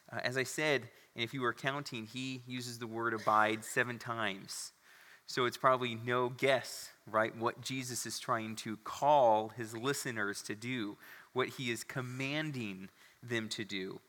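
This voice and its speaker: Male pastor, casual sermon delivery with fillers, bright tone, reverberant sanctuary. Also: mid-range voice, fairly even intonation, a little slow. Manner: conversational preaching with fillers and restarts, reads scripture aloud. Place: church sanctuary. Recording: long reverb of a church hall.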